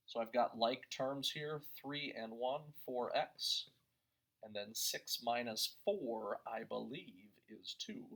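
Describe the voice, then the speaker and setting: A man with a gravelly edge to his mid-range voice walks through a math lesson. He talks through each step out loud and works the sums as he goes. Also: medium pitch, takes it slowly. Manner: talks through steps aloud, thinking as he goes. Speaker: math teacher.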